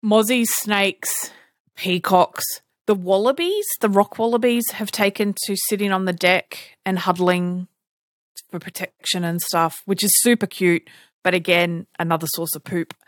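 An Australian woman co-hosting a podcast, chatting casually and telling animated stories, often laughing and acting out other people's voices. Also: medium pitch, a little slow, no echo, studio quality. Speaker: podcast co-host. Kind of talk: casual chat.

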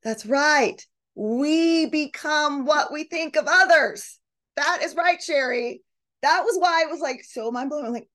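A middle-aged woman with a high-pitched voice hosts a live coaching session at a measured pace. She's a podcast host and coach who reads out participants' comments in an animated way and acts out the voices she quotes.

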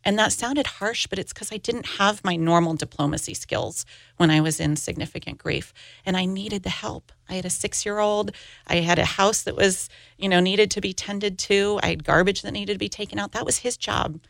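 A woman's voice: medium pitch, moderate pace, creaky, dry recording, clean studio sound. A middle-aged woman and grief coach, telling her own story candidly as a guest on an interview podcast.

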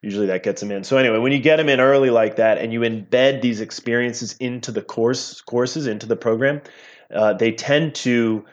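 Middle-aged guy chatting as a guest, mid-pitched, lo-fi dull sound, keeps restarting words. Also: normal speed. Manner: animated explainer, often repeats words mid-sentence. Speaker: physical therapy professor, guest. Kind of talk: casual interview talk. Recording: slightly dull lo-fi audio.

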